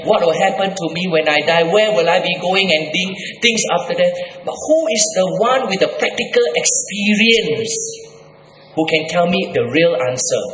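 A man preaching his own testimony to a congregation, emphatic, repeating and restarting words as he swings between loud high bursts and low quiet lines. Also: a little hiss or hum. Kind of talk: sermon testimony. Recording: echoey hall with long reverb, faint ambience.

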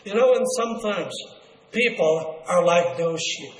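An older man, preaching a slow, earnest sermon. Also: high voice, expressive. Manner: slow, earnest, drawn-out delivery with quoted asides. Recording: echoey hall, faint ambience.

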